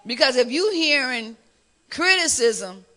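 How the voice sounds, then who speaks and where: A middle-aged woman with a Chicago accent, the pastor's wife, answering questions in a lively, animated way in a church discussion. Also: high-pitched, unhurried. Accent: Chicago African American English. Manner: lively, animated storytelling with laughter.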